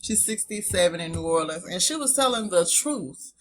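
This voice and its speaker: An online presenter on Bible etymology, a woman with a Southern US accent, reads dictionary entries aloud and keeps breaking off for chatty asides, calling her viewers "y'all." Her fairly low voice is animated at a moderate pace.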